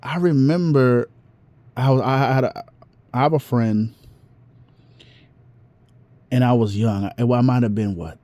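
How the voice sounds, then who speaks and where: A man's voice: medium pitch, measured pace, long pauses, warm tone, dry recording. A man vlogger talking in a casual monologue, rambling with restarts and slang.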